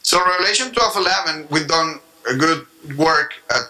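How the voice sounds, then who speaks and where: Animated preacher man, bright voice. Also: fairly high pitch, moderate pace, poor audio. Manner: animated preaching with acted-out prayer voices and tongues. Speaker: pastor. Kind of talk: sermon.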